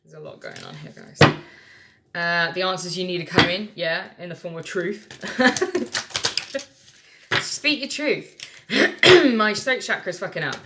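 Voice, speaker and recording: A woman's voice: lowish voice, sing-song, slow, pauses often, noisy background. A woman giving a casual tarot reading, blunt and lecturing, who swears freely. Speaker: tarot reader.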